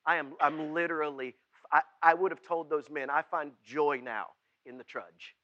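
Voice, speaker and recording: A man preaching a sermon as pastor, folksy and plain-spoken, swinging from loud preaching to quiet, intimate asides. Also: a little high, fairly even intonation, normal speed, dry recording, lo-fi sound. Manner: folksy and plain-spoken, with southern-style words.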